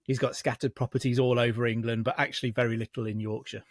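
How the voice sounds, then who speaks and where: A man, a historian guest, calmly telling history in a podcast chat with frequent restarts. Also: mid-range voice, dry recording, clean studio sound. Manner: measured storytelling with frequent restarts. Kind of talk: casual podcast explanation of history.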